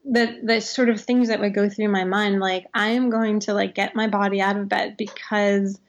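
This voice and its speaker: A woman's voice: mid-range voice, level tone, moderate pace. A woman in her thirties, an author being interviewed, talking reflectively with many "like"s and restarts, often laughing. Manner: heavy use of "like", frequent restarts, laughs often. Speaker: author guest.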